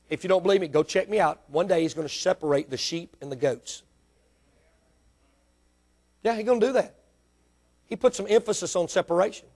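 A pastor, a man with a high voice, preaches to his congregation. He builds to emphatic bursts and keeps asking the room direct questions. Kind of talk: sermon. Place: church.

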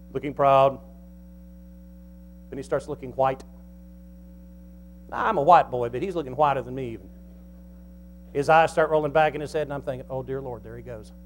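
A man preaching a sermon in a folksy, animated way, swinging between soft asides and loud emphasis. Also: mid-range voice, a little hiss or hum. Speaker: pastor.

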